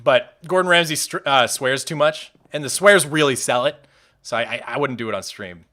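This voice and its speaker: Chatting loosely with viewers on a live stream, a young man speaks at a moderate pace in a medium-pitched voice with a sharp edge. His talk wanders, with many restarts and bursts of laughter.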